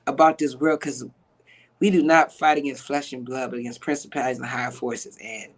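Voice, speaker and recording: A man being interviewed, an actor, telling an emotional personal testimony in a slangy, animated, preacher-like way, acting out quoted dialogue. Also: mid-range voice, brisk, rough recording. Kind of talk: emotional conversational storytelling.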